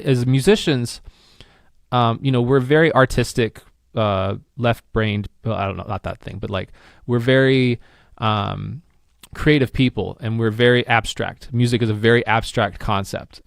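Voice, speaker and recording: A man's voice: fairly low pitch, creaky, dry recording, clean studio sound. Reflective male podcast host. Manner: reflective, asks long, thought-out questions. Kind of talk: casual interview conversation.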